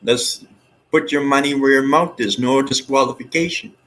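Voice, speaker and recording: A man's voice: medium pitch, moderate pace, a bit bright, lightly acted. A man putting on a cocky male pro wrestler who calls out a rival in a brash, challenging way.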